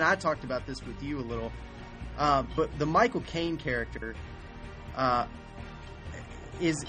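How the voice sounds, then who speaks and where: A man's voice: mid-range voice, bright, forceful tone. A man hosting a podcast, talking casually about a movie with many restarts and hesitations. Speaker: podcast host.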